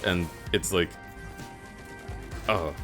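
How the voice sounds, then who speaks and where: A man with a fairly low voice chats on a live stream, laughing often and telling stories with lively energy. When he quotes other people his pitch jumps far up. Faint music plays underneath. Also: extremely slow. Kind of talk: casual chat on a live stream.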